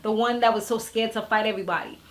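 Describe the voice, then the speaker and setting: A woman vlogger giving a casual, gossipy recap of a TV episode, animated and full of slang, often acting out what people said. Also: on the high side, fast. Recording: echoey room.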